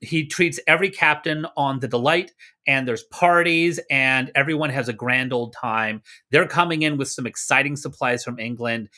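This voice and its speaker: Man, from Canada, podcast co-host, bright tone, lively storytelling, jokey asides. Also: medium pitch, moderate pace. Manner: animated, jokey, slips into mock voices for quotes. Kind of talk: casual history storytelling.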